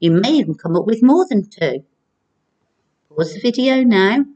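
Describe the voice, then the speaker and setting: A woman primary school teacher giving a recorded video lesson, speaking clearly and encouragingly to children. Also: a little high, lively intonation, warm tone, highs cut off. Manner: slow, clear, encouraging classroom delivery.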